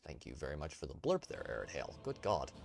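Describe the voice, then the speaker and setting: A man's voice: rumbling low, sing-song, fast talker, creaky, background noise. A man streaming a role-playing game, reading the narration aloud with casual asides. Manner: casual asides between read passages.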